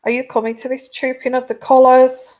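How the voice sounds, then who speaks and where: A woman's voice: sits high, level tone, fairly quick, darkish tone, pitched above the performer's own voice, close to an everyday voice. A woman voicing an exasperated young royal husband, blunt and questioning.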